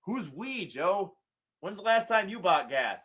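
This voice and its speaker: A man's voice: high voice, big pitch swings, measured pace, a bit bright, husky. A middle-aged man hosting a political talk show, ranting sarcastically and mocking politicians in put-on quotes.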